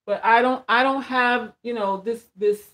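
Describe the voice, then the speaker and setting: A woman's voice: on the high side, steady tone, unhurried, a bit bright. A woman vlogger chatting casually on a livestream, blunt and emphatic, repeating phrases for emphasis and answering viewer comments. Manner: reads viewer comments aloud and answers them. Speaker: vlogger and life coach.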